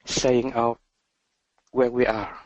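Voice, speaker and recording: Man, meditation teacher, dharma talk, soft-spoken, halting, very slow, dry close sound. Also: medium pitch, flat delivery, dry recording, poor audio.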